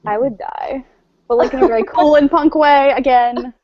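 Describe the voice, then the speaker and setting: A woman's voice: sits high, normal speed, a little mellow. A young woman hosting a casual podcast, bubbly and giggly. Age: young adult. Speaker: podcast host. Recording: muffled lo-fi audio with chatter behind.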